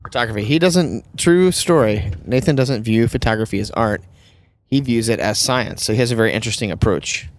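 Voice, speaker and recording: A man from the American South, hosting a casual podcast chat as a wedding photographer and telling lively anecdotes. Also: mid-range voice, brisk. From Southern United States. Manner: chatty storyteller, acts out voices in anecdotes.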